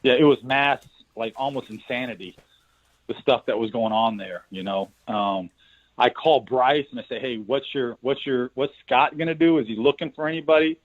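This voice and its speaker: A man's voice: medium pitch, moderate pace. Middle-aged man telling stories over a tinny line. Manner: rambling, repeats words and restarts. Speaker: basketball coach, interview guest. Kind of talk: casual storytelling interview. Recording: tinny phone-line sound.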